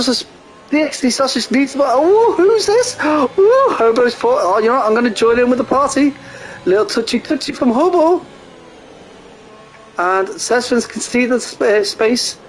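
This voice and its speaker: A man giving casual live sim racing commentary, excitable and jokey, often laughing at his own crude remarks. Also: extremely high pitch, normal speed, rough recording. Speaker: race commentator.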